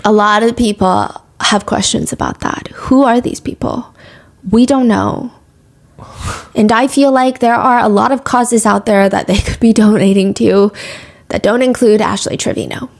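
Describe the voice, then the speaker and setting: A woman's voice: mid-range voice, moderate pace, gravelly. A woman hosting a true-crime story podcast, telling the story in a conversational, opinionated way. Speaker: podcast host.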